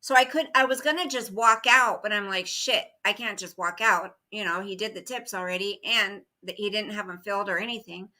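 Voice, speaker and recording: Bright-voiced woman chatting on a livestream. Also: medium pitch, fairly quick, hardly any pauses. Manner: chatty, rambling storytelling, greets viewers mid-story. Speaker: livestream host chatting with viewers. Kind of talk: casual livestream chat.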